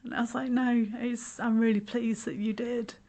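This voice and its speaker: A woman's voice: a little high, flat delivery, moderate pace, mellow. A middle-aged woman talking casually and telling stories, laughing often and acting out what others said. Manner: chatty storyteller, laughs often, acts out quotes of others. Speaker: podcast host sharing her story. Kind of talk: casual chat.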